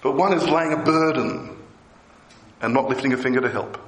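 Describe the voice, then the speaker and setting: Pastor preaching in an echoey hall. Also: male voice, normal speed. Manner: animated preaching, voices quotes with rising pitch. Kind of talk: sermon.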